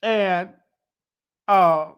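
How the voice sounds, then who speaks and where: A man with a Southern US accent talks to his audience in a loose, rambling monologue. His voice sits high and sounds bright and forceful. He gets carried away easily and swings into loud, emotional bursts. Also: very slow, clean tone. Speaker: show host. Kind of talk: casual livestream monologue.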